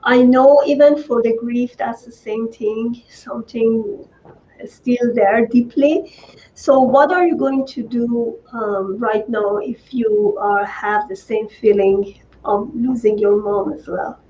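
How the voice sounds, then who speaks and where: A woman host talks very slowly and reflectively, slipping in frequent "uh"s. The audio sounds dull and muffled, like a lo-fi video call, and her voice sits somewhat high. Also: warm tone, a little hiss or hum. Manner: measured, reflective, many fillers. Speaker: host, coach. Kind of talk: interview talk.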